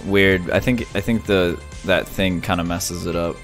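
A man who makes gaming videos, talking casually with a friend on a voice call and blurting out short, excitable reactions. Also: low-pitched, normal speed, soft background music. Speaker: gaming YouTuber and streamer.

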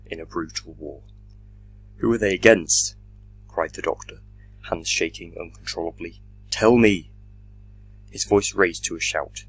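A man narrating a fan fiction audio drama in a dramatic, measured reading. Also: sits low, fairly bright tone, slightly rough, low-quality recording. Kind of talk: scripted story narration.

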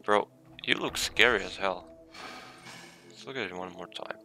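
A man's voice: low voice, moderate pace, pushed and bright, faint music behind. A man giving casual commentary on a game he is playing, swearing often, making frustrated outbursts and reading item text aloud. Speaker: let's play gamer.

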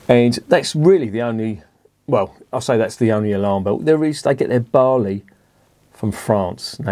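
A man's voice: medium pitch, darkish tone, dry recording. Blunt, sweary man. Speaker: beer reviewer. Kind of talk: casual review monologue.

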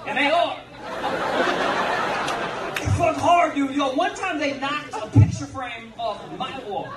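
Very high-voiced man doing crude stand-up. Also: measured pace, distant mic. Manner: crude, animated, says "dude" a lot. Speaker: stand-up comedian. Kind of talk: stand-up set with crowd work. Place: comedy club stage. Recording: roomy live club, loud crowd and noise.

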